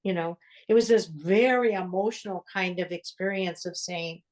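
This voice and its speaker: Low-voiced older woman telling a story. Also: steady tone, darkish tone. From United States. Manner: earnest, with reflective pauses. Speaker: religious sister. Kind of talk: storytelling in an interview.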